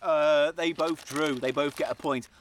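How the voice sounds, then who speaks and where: Podcast quest host, man, high animated voice, bossy teasing banter, faint noise behind. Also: a little slow. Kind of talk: comedic improvised banter. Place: outdoors in a forest.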